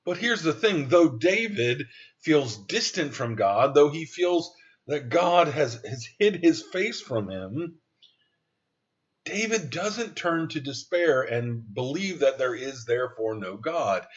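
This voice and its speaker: A man's voice: a little high, big pitch swings, takes it slowly, muffled recording. A man preaching a sermon as pastor, reading scripture aloud in an earnest way with some restarts.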